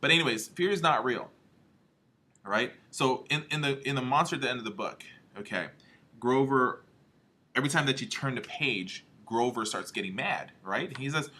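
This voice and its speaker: A man's voice: mid-range voice, lively intonation, moderate pace, pushed and bright. A man leading a motivational marketing training talk in an emphatic way, often checking in with "all right?" and "okay?". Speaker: home health marketing trainer.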